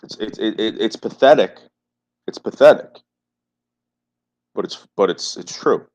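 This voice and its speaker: A man's voice: fairly low pitch, expressive, measured pace, darkish tone. Repetitive, emphatic livestreaming man. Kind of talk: casual livestream chat. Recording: muffled lo-fi livestream audio.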